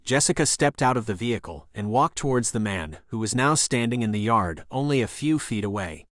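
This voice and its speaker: A man narrating an action thriller audiobook in a steady, even reading voice. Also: mid-range voice, brisk, dry recording, clean studio sound. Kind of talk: scripted narration.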